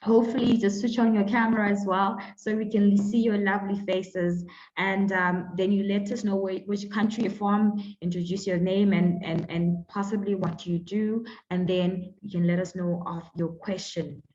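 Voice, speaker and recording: A woman's voice: medium pitch, flat delivery, normal speed. A woman moderating an online panel discussion, chatty with many fillers and friendly invitations to the audience. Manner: chatty, many fillers, warm welcoming phrasing. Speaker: webinar moderator. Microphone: video call. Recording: dull lo-fi video call audio.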